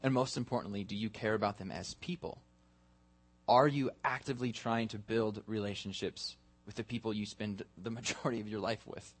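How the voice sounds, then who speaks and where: A man's voice: fairly low pitch, fairly even intonation, fairly quick, breathy edge. A man preaching a sermon in a church, asking his congregation earnest questions. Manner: earnest questioning, building to a led prayer. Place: church sanctuary.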